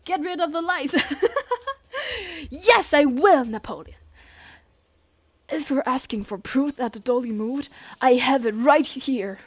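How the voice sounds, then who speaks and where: Female gaming streamer, high-pitched and excitable, dry close mic. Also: unhurried, dry recording. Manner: excitable, laughs a lot, reads dialogue aloud. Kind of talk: excited gameplay commentary.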